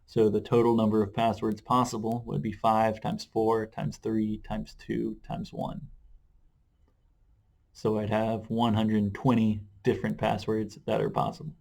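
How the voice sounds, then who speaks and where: A man explaining math in a video lesson, relaxed, with frequent "uh" fillers. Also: fairly low pitch, measured pace, gravelly. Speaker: math teacher.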